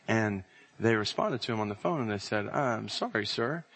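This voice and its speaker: A man preaching a sermon, telling stories and citing scripture, slowing and rising to intense emphasis on key phrases. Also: lowish voice, expressive, fairly bright tone, husky. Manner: illustrates with stories and scripture references.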